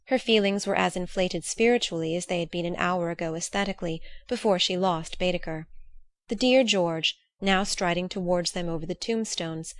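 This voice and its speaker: A woman narrating a classic novel in a measured, steady audiobook reading. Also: on the low side, no echo. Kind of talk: scripted narration.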